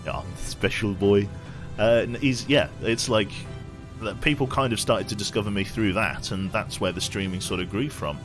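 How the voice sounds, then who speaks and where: A man's voice: fairly low pitch, normal speed, over music. A young man from England with a posh English accent, chatting casually with his viewers while streaming a game, self-deprecating and reading chat aloud.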